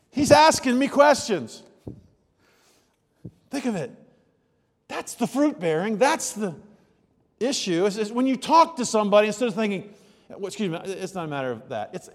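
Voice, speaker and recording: A man preaching a sermon, telling stories and moving from hushed asides to loud, emphatic outbursts. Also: high-pitched, long reverb tail. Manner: storytelling, swings from soft asides to loud exclamations. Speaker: pastor.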